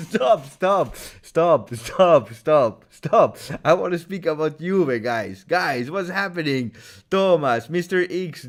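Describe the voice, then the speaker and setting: A man hosting a live-stream fan chat, excitable and halting, repeating himself with many fillers and loud bursts. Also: deep voice. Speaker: fan channel host.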